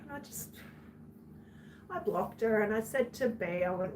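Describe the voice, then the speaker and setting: A woman's voice: medium pitch, lively intonation, unhurried, long pauses, a little hiss or hum. An Australian woman chatting casually on her livestream, venting bluntly to her viewers and swearing freely.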